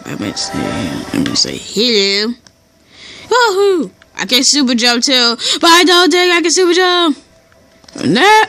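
A woman giving casual let's-play commentary over a game, excitable and shouting and cheering as she plays. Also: sits high, a little slow. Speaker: gameplay commentator. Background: game music.

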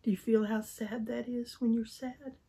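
An older woman telling a Bible story to small children, coaxing them to answer and repeat after her, whispering for sad parts and shouting for happy ones. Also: fairly high pitch, level tone, moderate pace, slight background noise. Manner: coaxing call-and-response with little children; drops to a whisper and rises to shouts for feeling.

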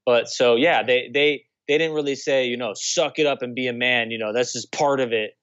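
A man's voice: mid-range voice, fairly even intonation, moderate pace, a bit bright, no room sound, highs cut off. A young adult man, a guest on a talk show, telling a story in a casual, rambling way full of restarts and "you know". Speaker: guest, former pro baseball player. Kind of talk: casual conversational interview.

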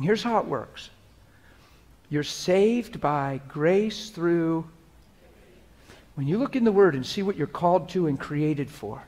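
A middle-aged man preaching a sermon to a live congregation, moving from hushed prayerful murmurs to loud, animated, laughing storytelling. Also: on the high side. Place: church hall before a live congregation.

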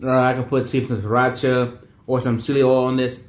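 A man at a middle pitch, rambling through a casual food review with many restarts and fillers. His voice sits in an echoey room with a faint hum in the background. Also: little pitch movement, moderate pace. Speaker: vlogger.

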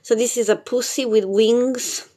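A woman's voice: fairly high pitch, fairly even intonation, a little slow, dark tone. A woman hosting a casual spiritual live stream, bubbly and chatty, laughing often and swearing casually. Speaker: spiritual livestream host.

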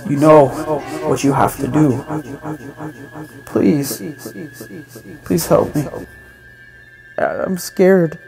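A man voicing an ancient male entity who speaks slowly and solemnly, over music. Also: a little high, lively intonation, gravelly, darkish tone, full character voice. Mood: pleading. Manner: slow, solemn, measured.

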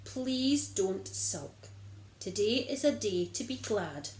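A woman voicing a loving father in a children's Bible story, calling out gladly in a raised, bright voice. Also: mid-range voice, expressive, takes it slowly, roomy sound, poor audio. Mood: tender. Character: overjoyed loving farmer father, middle-aged man. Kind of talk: storybook reading.

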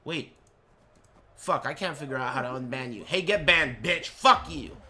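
A man's voice: mid-range voice, moderate pace, pushed and bright, a little hiss or hum. A man in his twenties streaming a game live, swearing and ranting at his chat in mock anger. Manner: profane, mock-angry banter with chat. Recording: game music underneath.

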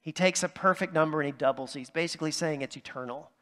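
A man's voice: a little high, quick pace, bright, forceful tone. Man preaching in a reverberant church. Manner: conversational preaching with asides like "right?". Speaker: pastor. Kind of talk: sermon. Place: church sanctuary.

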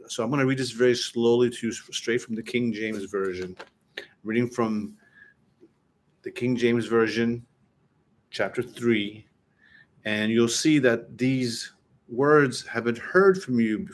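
Man giving a casual sermon talk. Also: medium pitch. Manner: conversational, many restarts, reads scripture slowly. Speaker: preacher and teacher.

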